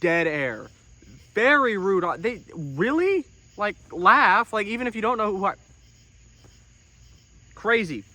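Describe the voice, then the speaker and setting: A young man in a comedic monologue, self-important and deadpan, breaking into outraged, swearing outbursts. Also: high-pitched, no room sound. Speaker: comedic storyteller in character.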